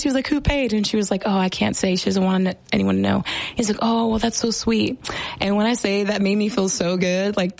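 Young woman radio host, upbeat, chatty, gravelly fry, dry studio sound. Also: fairly low pitch, no echo, poor audio. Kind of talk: casual radio chat.

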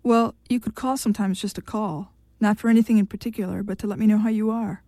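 A woman's voice: medium pitch, steady tone, quick pace, warm tone, no echo, studio quality, natural voice. A woman reading aloud, voicing a pouting, insistent married man who pleads and scolds. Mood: pleading. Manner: insistent, wounded.

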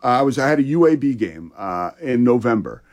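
Enthusiastic sports talk host. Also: male voice, medium pitch, big pitch swings, fairly quick, darkish tone.

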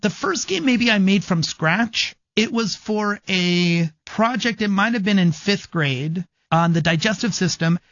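A man's voice: sits high, expressive, a little slow, few pauses, a bit bright, dry recording, highs cut off. A man, a game design professor, speaking thoughtfully and articulately in an interview. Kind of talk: interview conversation.

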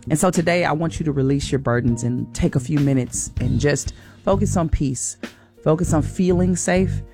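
A woman hosting a morning radio show, giving a slow, soothing, encouraging faith talk. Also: low voice, mellow, soft background music.

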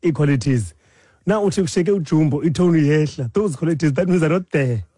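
A man's voice: a little high, a little fast, warm tone, slightly rough, no room sound, clean studio sound. A man co-hosting a radio chat, explaining things wryly and teasing his partner. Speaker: radio co-host. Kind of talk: casual chat.

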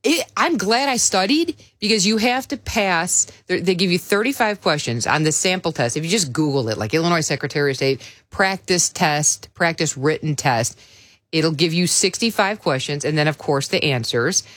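Chatty lower-voiced woman radio host. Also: expressive, normal speed, fairly bright tone, no room sound. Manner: chatty, storytelling, laughs easily. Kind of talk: casual radio chat. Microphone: studio microphone.

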